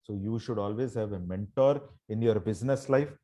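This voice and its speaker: A man's voice: fairly low pitch, normal speed, mellow. A man giving an online motivational session over a video call. He speaks emphatically, fires rhetorical questions at his listeners and keeps calling them "my dear friends". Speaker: motivational trainer.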